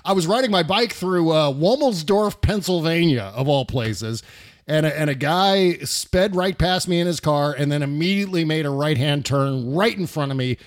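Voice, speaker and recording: A man's voice: on the high side, animated, normal speed. A middle-aged man hosting a casual political chat, reflective and laughing often.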